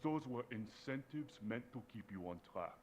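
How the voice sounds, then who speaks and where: A man's voice: medium pitch, expressive, moderate pace, darkish tone, close to an everyday voice. An actor playing a cold, smug male spy in a mystery video game. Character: menacing male spy plotting profit, adult.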